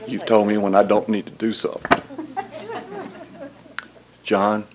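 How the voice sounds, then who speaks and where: Older man, low voice, slow and halting, emotional farewell speech at a council meeting. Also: monotone, a crowd in the background. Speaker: retiring alderman. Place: city council chamber.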